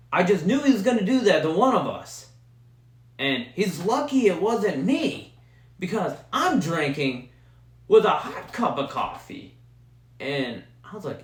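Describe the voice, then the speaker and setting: A man's voice: medium pitch, fairly bright tone. A man who does stand-up, telling a rambling, swear-filled story on his own podcast in a loose, casual way. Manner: profane, loose and rambling, heavy on "dude" and "man". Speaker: stand-up comedian and podcast host. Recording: echoey room sound.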